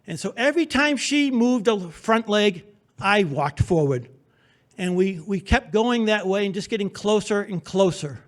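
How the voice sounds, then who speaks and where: Before a theater audience, a man with a noticeably high voice recounts a true adventure. He tells it wryly and with humor, using vivid present tense to draw listeners into the moment as he performs live personal storytelling on stage.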